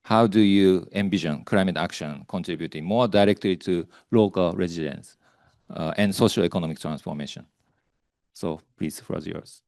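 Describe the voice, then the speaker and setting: Deep-voiced hesitant male panel moderator. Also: gravelly, darkish tone, no room sound, studio quality. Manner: hesitant, many filler pauses.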